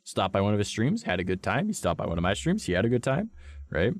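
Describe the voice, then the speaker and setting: A man's voice: fairly low pitch, huge pitch swings, fast. A young adult man streaming, telling a story in casual chat, blunt and profane.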